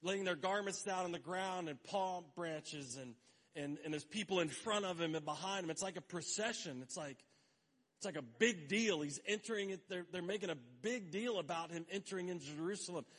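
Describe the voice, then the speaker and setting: A middle-aged male pastor delivering a sermon in a relaxed, chatty tone. His voice sits somewhat high for a man. He slips in light jokes and briefly acts out the people in his stories. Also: brisk. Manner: conversational, joking asides, acts out quoted voices.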